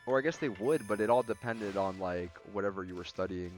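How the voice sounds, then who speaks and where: Brief: low-voiced young male streamer, loose and profane, faint game music behind. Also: steady tone, fast talker, hardly any pauses. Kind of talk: casual gaming chat.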